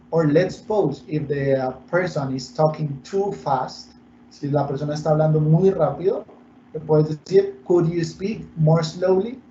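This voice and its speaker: A man's voice: a little high, warm tone, a little hiss or hum. Male English teacher, echoey. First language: Spanish. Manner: explains slowly, switching between English and Spanish. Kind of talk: bilingual online English lesson. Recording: echoey muffled room recording.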